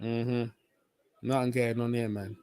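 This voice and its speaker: A man's voice: mid-range voice, unhurried. A man giving casual, slang-heavy live commentary on a boxing match as a stream host. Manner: slangy, chatty, rising to excited shouts on big punches.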